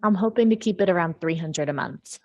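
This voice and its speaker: A woman acting as a customer in a sales training role-play, answering in brief, measured replies. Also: on the low side, darkish tone, lo-fi sound.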